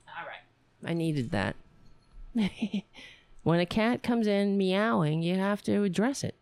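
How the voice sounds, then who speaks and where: A woman's voice: medium pitch, expressive, slow, long pauses, a little mellow, clear, resonant tone. A woman reading news articles aloud and breaking off into sarcastic, profane political commentary, often stumbling and correcting herself.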